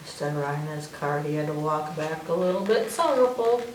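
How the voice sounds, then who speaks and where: A woman hosting a library story time, reading a picture book aloud to children in an animated way and asking them questions. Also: low-pitched, a little fast. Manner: animated, questioning the young listeners. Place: library room. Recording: echoey room, distant mic, faint noise.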